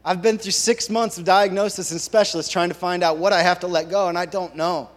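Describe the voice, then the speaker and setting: A man, a church elder, giving a halting, earnest personal testimony to his congregation. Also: high voice, fairly even intonation. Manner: halting, earnest storytelling with many restarts. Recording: long reverb of a large hall.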